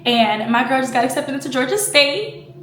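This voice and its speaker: A woman's voice: high-pitched, fairly even intonation, fast, roomy sound, a little hiss or hum. A woman in her twenties talking to her vlog camera in a chatty, emotional way, close to tears at times, with lots of fillers. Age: 20s. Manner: emotional, fighting back tears; chatty, full of fillers like "like" and "you know". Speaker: vlogger. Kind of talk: casual personal vlog talk.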